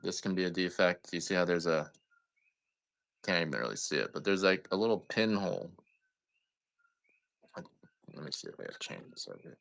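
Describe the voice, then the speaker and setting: A man's voice: low-pitched, normal speed, gravelly, pauses often, a bit bright. A man chatting casually while selling coffee on a live stream, rambling, joking and swearing now and then. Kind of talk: casual live-sale chat.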